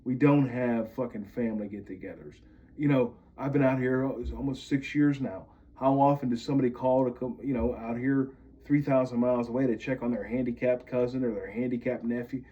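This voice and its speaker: A man's voice: mid-range voice, steady tone, a little fast, dull audio. A man from Pennsylvania venting bitterly to camera, swearing often as he rants. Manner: bitter, profane ranting. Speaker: vlogger.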